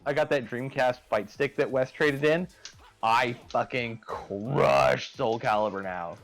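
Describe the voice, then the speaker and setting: A man's voice: mid-range voice, a little slow, creaky, fairly bright tone, soft background music. A young man with a nasal voice, co-hosting a casual gaming stream with crude, joking banter. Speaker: co-host.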